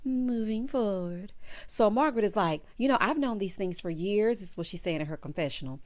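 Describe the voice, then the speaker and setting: A woman's voice: medium pitch, animated, fast talker. A woman recapping a reality show in a sassy, opinionated way, talking straight to her viewers. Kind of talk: casual chat.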